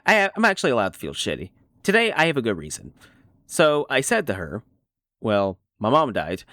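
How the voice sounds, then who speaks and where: A man with a lowish voice plays a washed-up, cynical middle-aged stallion for a fan dub of an animated show. His delivery rambles sardonically and runs himself down, on a dry, studio-quality recording.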